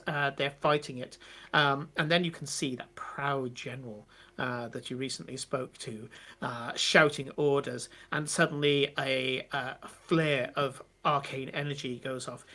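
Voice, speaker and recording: A man narrating a tabletop game as game master, vivid but halting with many fillers. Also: a little high, sharp tone.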